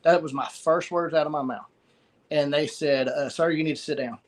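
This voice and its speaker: A middle-aged man with a somewhat high voice tells a personal story as an interview guest. He speaks haltingly and often repeats words and short phrases as he goes. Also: fairly even intonation.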